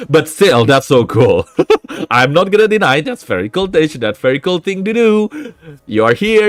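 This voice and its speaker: A man, a VTuber chatting casually on stream, animated, laughing often and swearing freely. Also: mid-range voice, no echo.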